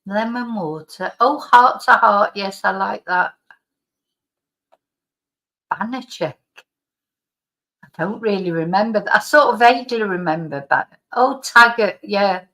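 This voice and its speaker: A middle-aged woman with a slight lingering cough hosts a live stream, reading out viewer comments in rambling, casual chat full of restarts and laughs. Her medium-pitched voice sounds pushed and bright, and she speaks unhurriedly with long pauses.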